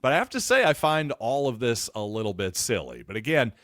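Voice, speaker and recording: Guy hosting a sports podcast, wry and rambling, mid pitch, dry close mic. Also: big pitch swings, brisk, fairly bright tone, no echo. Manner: wry, digressive, self-deprecating. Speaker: podcast host. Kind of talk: casual sports podcast commentary.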